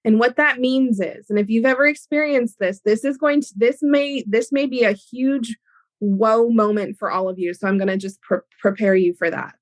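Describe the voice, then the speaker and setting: A woman hosting an educational podcast, explaining ideas in an animated way with everyday examples. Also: a little high, normal speed, no room sound. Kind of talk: teaching talk on a podcast.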